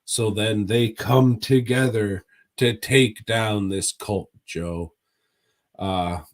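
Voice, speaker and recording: Low and somewhat dark, this man's voice belongs to a podcast co-host who rambles through a casual, profane chat about movies. His manner is laid-back throughout.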